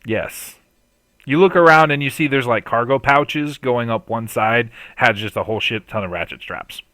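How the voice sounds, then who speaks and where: A man's voice: mid-range voice, normal speed, sharp tone, no room sound. A man running a tabletop game as game master, explaining rules at length and laughing often.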